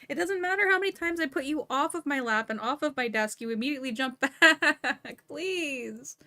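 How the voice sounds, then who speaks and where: A woman's voice: high voice, animated, unhurried, pushed and bright. A young woman streaming, chatting casually and laughing a lot while fussing over her cat. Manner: chatty, giggly, distracted, talking to her cat. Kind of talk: casual livestream chat.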